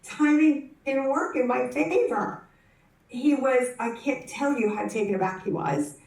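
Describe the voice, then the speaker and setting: Slow-talking woman storyteller in a roomy hall. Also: high voice. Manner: animated, acts out the voices in her story; frequent self-corrections and restarts. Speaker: conference speaker. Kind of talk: personal storytelling talk. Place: conference hall. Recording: roomy hall, speaker distant from the mic.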